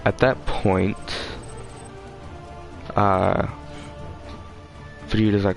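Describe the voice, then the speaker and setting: A man's voice: on the low side, measured pace, gravelly, pauses often, faint music behind. A man hosting his own channel, rambling casually and swearing freely as he loses his train of thought. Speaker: channel host.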